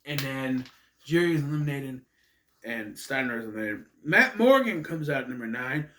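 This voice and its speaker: A man's voice: mid-range voice, animated, brisk, pushed and bright. A man rambling through a casual, jokey recap monologue with asides. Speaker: wrestling recap vlogger. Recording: echoey room.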